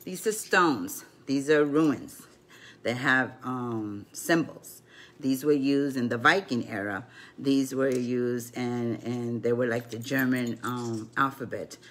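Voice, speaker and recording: A woman's voice: rumbling low, slow, fairly bright tone. An older woman and grandmother telling a rambling story between rune and card readings, full of "you know" asides, as a casual vlog.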